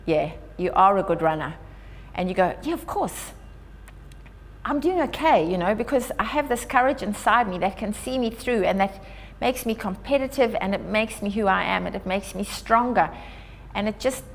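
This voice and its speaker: A woman's voice: medium pitch, fairly bright tone. A woman from Africa, giving an earnest, upbeat public address as an Australia Day ambassador. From South Africa. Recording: long hall reverb.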